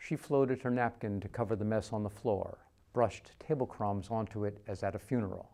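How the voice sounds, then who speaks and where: A man reading a literary short story aloud in a measured narrating voice. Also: lowish voice, dark tone. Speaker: reader.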